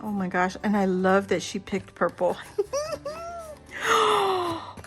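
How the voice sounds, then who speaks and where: A middle-aged woman vlogger chatting casually and excitedly as she unboxes a birthday gift, gasping and laughing. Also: mid-range voice, takes it slowly, over music. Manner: excited and giddy, many gasps and laughs. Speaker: crafting vlogger.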